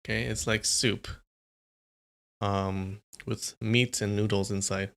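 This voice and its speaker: A man's voice: lowish voice, flat delivery, slow pace, vocal fry, a bit bright. A young man chatting casually on a live stream, rambling and answering viewers' comments.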